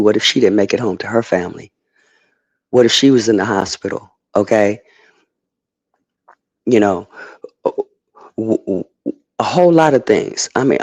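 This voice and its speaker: A fired-up man speaks straight to his viewers in a lowish voice, hammering his points with a repeated "okay?". His talk is blunt and profane. The sound is close and dry. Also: a little mellow, no room sound. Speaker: streamer giving commentary. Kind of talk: unscripted livestream rant.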